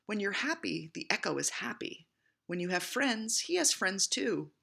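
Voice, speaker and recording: A woman voicing a calm, kindly wise old male beaver in a read-aloud storybook, speaking in a slow, gentle explaining tone. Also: medium pitch, vocal fry, pitched above the performer's own voice, heavily acted.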